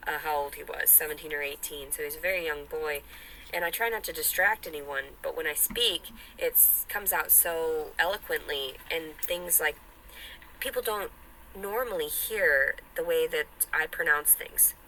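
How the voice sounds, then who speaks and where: A woman talks to the camera in a casual vlog. Her tone is very bright and sharp. She rambles on and sounds self-important, with faint noise in the background. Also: low voice, moderate pace, poor audio.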